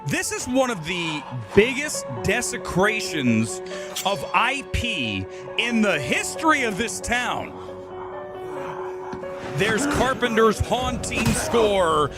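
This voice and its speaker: Furiously ranting, animated male film host. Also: sits high. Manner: angry, profane ranting. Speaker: movie podcast host. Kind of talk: live-streamed film rant.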